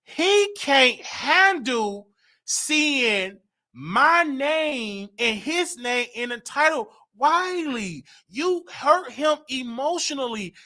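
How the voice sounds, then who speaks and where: Man doing a bossy woman on the phone, pitched way up, bright and pushy, nags till she shouts. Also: exaggerated voice. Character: insistent woman scolding over the phone.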